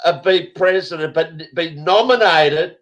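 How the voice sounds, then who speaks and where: A man's voice: on the high side, normal speed, fairly bright tone. A man hosting a casual group chat over a video call, blunt and rambling, swearing often. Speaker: host.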